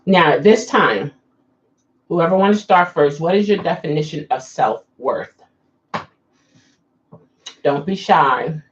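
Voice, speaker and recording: A woman's voice: low-pitched, expressive, slow pace, pauses often, highs cut off. A woman hosting a casual livestream, chatting with viewers and coaxing them to answer her questions. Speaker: livestream host.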